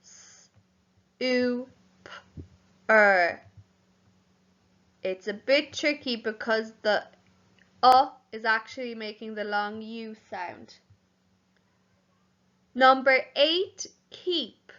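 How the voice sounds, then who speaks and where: A woman primary school teacher giving a home learning lesson, spelling words out slowly letter by letter. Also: fairly high pitch, a bit bright, muffled recording.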